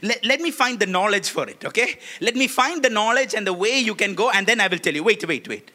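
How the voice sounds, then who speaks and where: A preacher acting out God as a calm, unhurried male deity in a playful church skit, voice high and lively, with a bright, sharp edge. He takes his time and sounds easygoing. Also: full character voice.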